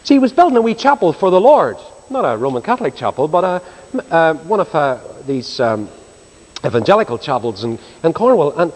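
A high-voiced, lively man preaching to a congregation, his voice leaping from ringing exclamations down to near-hushed asides. His words trail off into the long reverb of a large hall. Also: fairly quick. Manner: animated, swinging from loud exclamations to hushed tones. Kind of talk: storytelling sermon.

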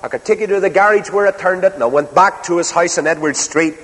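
A man with a Northern Irish accent preaching a sermon, telling a story with slow, stressed phrases and dramatic pauses. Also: high-pitched. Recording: reverberant hall.

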